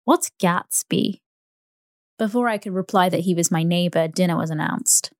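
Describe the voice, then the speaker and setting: A woman narrating a bedtime sleep story in a soft, even, unhurried reading. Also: on the low side, no room sound, studio quality.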